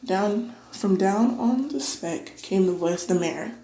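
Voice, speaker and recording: A woman reading a children's storybook aloud, giving the characters livelier, higher voices. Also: measured pace, hardly any pauses, reverberant, low-quality recording. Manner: lively, voices dialogue with pitch jumps. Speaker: audiobook reader. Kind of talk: read-aloud storybook narration.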